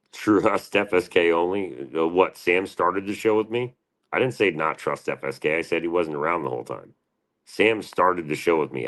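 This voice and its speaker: A man's voice: very deep voice, a bit bright. A man hosting a livestream, answering his chat in a profane, combative and defensive rant. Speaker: livestream host.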